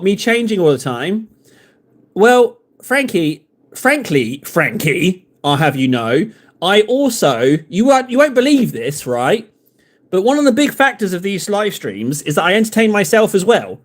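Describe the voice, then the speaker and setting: A man chatting casually and rambling in jokes to his viewers while he paints models on a live stream. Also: high-pitched. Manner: rambling, jokey, talks to viewers in chat.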